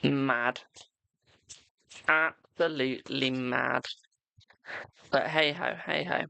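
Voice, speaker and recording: Tarot reader, chatty live-stream host, gravelly fry in the voice, dry close sound, affectionate "my darling" talk. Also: mid-range voice, fairly even intonation, extremely slow, bright, forceful tone, no room sound. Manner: chatty, calls viewers "my darling", laughs often. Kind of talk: casual live-stream chat and card reading.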